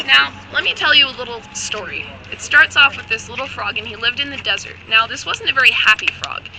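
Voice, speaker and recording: A woman's voice: on the high side, a little fast, creaky, noisy background. A young woman with a strained, tired voice telling a comic, rambling story full of restarts and asides. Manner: rambling, joking, many restarts. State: losing her voice.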